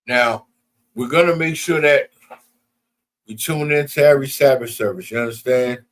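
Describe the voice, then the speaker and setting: A man's voice: mid-range voice, moderate pace. A man preaching at a Sabbath service, often breaking in with "you understand?" and calling out to the congregation. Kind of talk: sermon and closing announcements.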